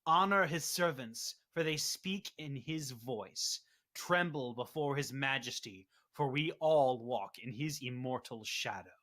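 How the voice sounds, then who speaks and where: A man voicing a zealous believer who recites a devout creed in a solemn, measured way over a video call. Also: mid-range voice, sharp tone.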